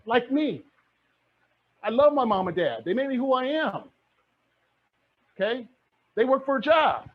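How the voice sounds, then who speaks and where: A man's voice: very high-pitched, sing-song, measured pace, long pauses. A middle-aged man giving a fired-up motivational talk as a real estate mentor, preaching and repeating his phrases. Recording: dull lo-fi sound.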